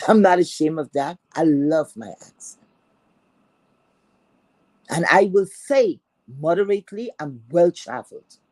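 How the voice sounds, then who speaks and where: A woman's voice: low-pitched, warm tone, no echo, rough recording. Scornful Caribbean woman ranting, profane. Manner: repeats words for emphasis. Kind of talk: angry rant to viewers.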